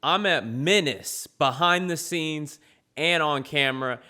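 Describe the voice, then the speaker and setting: A man's voice: fairly high pitch, slow pace, pushed and bright. A man giving brash, trash-talking comedic commentary on his own channel. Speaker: YouTube commentator.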